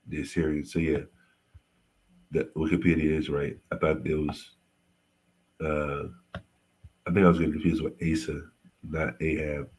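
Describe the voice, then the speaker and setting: Very deep, husky-voiced man. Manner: halting, frequent self-corrections and apologies. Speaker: host teaching history on a livestream. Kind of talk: casual livestream lecture.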